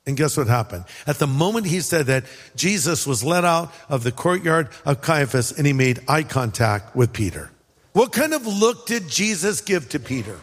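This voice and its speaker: A man's voice: a little high, sing-song, normal speed, long reverb tail. A man from California preaching a sermon in a conversational style, acting out quotes and joking with the congregation. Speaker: pastor.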